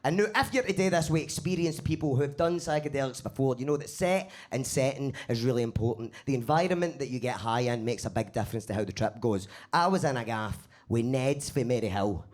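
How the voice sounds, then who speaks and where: A man with a Glaswegian accent performing a live stand-up set in a basement comedy club. He swears freely and talks in an animated way. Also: medium pitch, a little fast, hardly any pauses. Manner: swearing, animated, laughs at own jokes.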